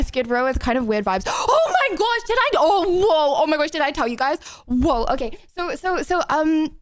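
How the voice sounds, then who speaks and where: A woman's voice: high-pitched, fairly bright tone, no room sound. A young woman streaming live, chatting in a rambling, giggly way full of fillers. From Australia. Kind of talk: casual live-stream chat.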